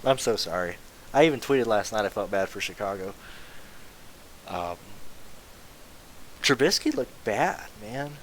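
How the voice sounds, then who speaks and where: A young man casually streaming about fantasy sports, rambling, excitable and swearing freely. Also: lowish voice, measured pace, long pauses, rough recording. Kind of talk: casual live-stream chat. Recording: faint hiss.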